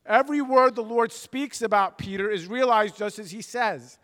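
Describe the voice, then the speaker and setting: A man's voice: high voice, moderate pace, hardly any pauses, a bit bright. A man preaching a sermon with earnest, emphatic delivery, acting out the voices of scripture figures. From United States. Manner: earnest preaching with emphatic swells and dramatized quotes. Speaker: pastor. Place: church sanctuary. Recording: long reverb of a church hall.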